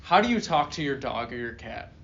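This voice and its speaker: A man's voice: medium pitch, very animated, a little fast, fairly bright tone, lo-fi sound. Male professor lecturing a class. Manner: reads a text, then jokes and questions the class. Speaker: philosophy professor. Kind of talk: classroom lecture, reading aloud and asking students. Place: university classroom.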